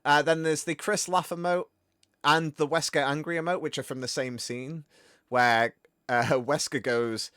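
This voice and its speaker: Male game streamer, rambling casual chat, slightly high voice, dry sound. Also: a little slow, smooth, no echo. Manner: rambling, animated, mimics game characters.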